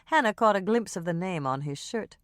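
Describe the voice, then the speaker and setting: A woman narrating an audiobook in a calm, even reading style. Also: medium pitch, a little fast, dry recording, clean studio sound. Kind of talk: scripted narration.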